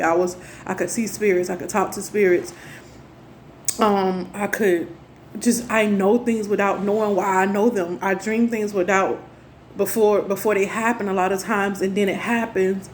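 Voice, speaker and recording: A young woman talking to camera in a casual personal monologue. Her talk rambles earnestly, with many restarts. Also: medium pitch. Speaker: spiritual vlogger. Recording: faint background noise from neighbors.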